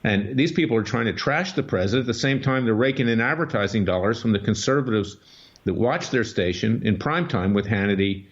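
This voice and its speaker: A man hosting political talk radio, lowish voice and an emphatic, combative way of laying out his case. The audio is dull and lo-fi, like an old radio broadcast. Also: lively intonation, fairly quick. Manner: emphatic, combative, scornful delivery. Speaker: radio talk show host and lawyer.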